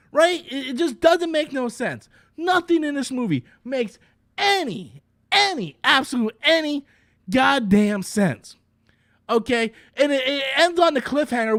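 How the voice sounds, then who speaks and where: A man's voice: very high voice, fairly bright tone, no echo, clean studio sound. A man ranting through a movie review, exasperated, sarcastic and profane.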